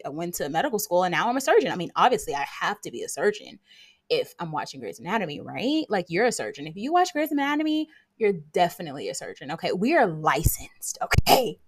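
A young woman hosting her own podcast, rattling off her thoughts in a quick, excitable, chatty stream. Her voice sits a little low for a woman, with a playful, sarcastic edge. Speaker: podcast host. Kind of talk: casual solo podcast chat.

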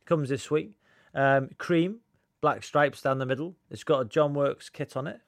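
A man's voice: a little high, a little slow, dry recording, clean studio sound. A man co-hosting a casual podcast, bantering in a light-hearted, teasing way. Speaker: podcast co-host.

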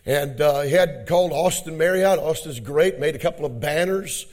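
Fiery preaching man. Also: normal speed. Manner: storytelling, swings from low and quiet to loud shouted exhortation. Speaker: pastor. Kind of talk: sermon. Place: church conference hall.

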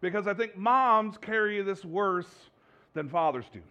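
This man preaches in a relaxed, chatty style, often restarting his sentences and poking fun at himself with the congregation. His voice sits fairly high. The recording is dull and a little muffled. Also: a little slow. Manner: conversational, rambling with frequent restarts and fillers; self-deprecating, jokes with the congregation. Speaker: pastor. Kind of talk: sermon.

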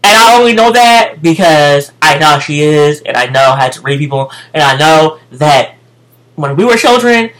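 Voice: medium pitch, a bit bright, poor audio. An American speaker telling a casual storytime rant to viewers, profane and emphatic, often repeating phrases. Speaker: vlogger.

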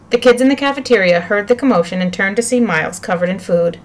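Woman, storyteller, children's book reading, expressive, mid-pitched voice. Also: fast. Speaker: narrator. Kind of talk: audiobook reading of a children's novel.

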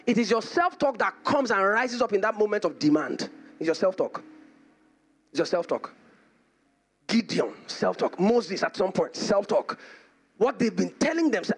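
Male pastor from Nigeria, high voice, animated swings, preaching with fervor. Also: a little fast, gravelly, slightly rough. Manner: impassioned preaching, repetition for emphasis. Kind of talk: sermon. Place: church service.

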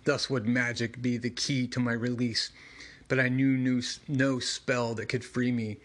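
A man's voice: mid-range voice, flat delivery, measured pace, a bit bright, lightly acted. A man doing a growling horned demon god. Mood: menacing. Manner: strained growling monster voice. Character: ancient horned demon god, arrogant and menacing.

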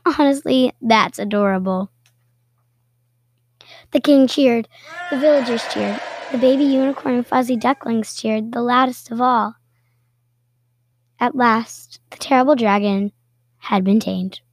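A woman reading a children's picture book aloud with playful, expressive storytelling and little asides. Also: on the high side, unhurried, pauses often, dry recording. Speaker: storybook reader.

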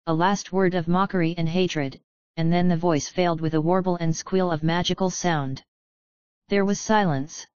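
A woman reads an audiobook in a steady, even manner. Her voice is smooth and fairly low, recorded dry with a slightly dull, lo-fi sound. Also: no room sound. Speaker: audiobook narrator. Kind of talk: audiobook narration.

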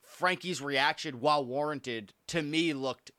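A man telling a story in casual, animated chat, swearing freely. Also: on the high side, a little slow, smooth, no echo.

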